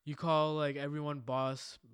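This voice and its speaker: A man's voice: on the high side, level tone, a little slow, fairly bright tone, smooth, dry recording, clean studio sound. A young man with an anglophone Montreal accent, chatting in a laid-back way on a podcast and swearing casually. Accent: anglophone Montreal English. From Montreal, Canada. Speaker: podcast co-host. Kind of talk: casual chat.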